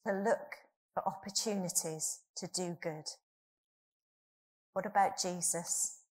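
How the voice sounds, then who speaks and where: A middle-aged woman delivers a sermon at her church. Her voice sits at an ordinary middle pitch, and she speaks earnestly, often turning to the congregation with questions. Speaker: preacher.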